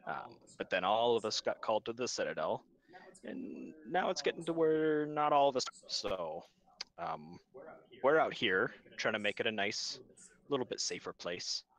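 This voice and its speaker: A man voicing a weary, wistful male dwarf exile in a tabletop game, rambling and hesitant with many pauses. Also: mid-range voice, sing-song, fairly bright tone, pitched above the performer's own voice. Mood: explaining.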